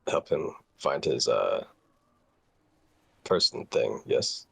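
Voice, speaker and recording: A man joking dryly as a player at a tabletop game. His voice is very low, husky and gravelly. The sound is close and dry. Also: big pitch swings, takes it slowly, a bit bright. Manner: dry and sarcastic. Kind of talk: casual chat at a tabletop game.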